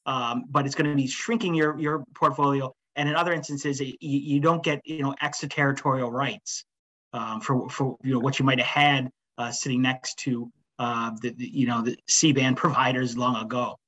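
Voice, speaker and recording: A man's voice: medium pitch, steady tone, moderate pace, a bit bright, poor audio. A man in his fifties speaking as a webinar panelist, emphatic and rambling with many restarts.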